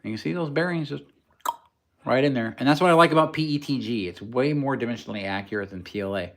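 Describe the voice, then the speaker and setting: A man's voice: mid-range voice, fast talker. Rambling man chatting through a build. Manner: rambling, joking, technical. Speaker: maker hosting a livestream. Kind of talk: casual livestream chat.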